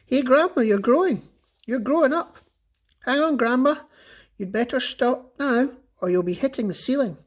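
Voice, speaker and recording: A man voicing an eager, worried young boy in a storybook reading, talking in an excited, pleading way. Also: extremely high pitch, normal speed. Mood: urgent.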